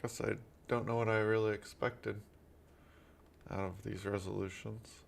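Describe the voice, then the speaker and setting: A tired man co-hosting a casual chat, reading out poll results in a sleepy-sounding, gravelly voice. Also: lowish voice, flat delivery, a little slow.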